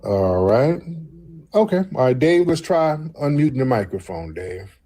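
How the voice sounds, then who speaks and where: A man hosts a live call-in stream, coaxing callers onto the line and poking fun at an angry one. His voice is husky and sits at a middle pitch. He repeats himself a lot while he waits for callers to join. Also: sing-song, unhurried, mellow. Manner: mocking, repeats prompts. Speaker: host.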